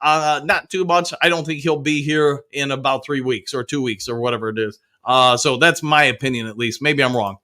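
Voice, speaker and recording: Man, live show host, middle-aged, chatty, bright forceful voice. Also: medium pitch, steady tone, moderate pace, hardly any pauses. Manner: chatty, upbeat, reads viewer comments aloud with whoops. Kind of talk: casual live-stream chat reading comments.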